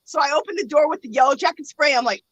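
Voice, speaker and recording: Lively, laughing woman telling a story. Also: high-pitched, very fast, dry recording, muffled recording. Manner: animated, laughs often, acts out quoted voices. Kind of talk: casual storytelling chat.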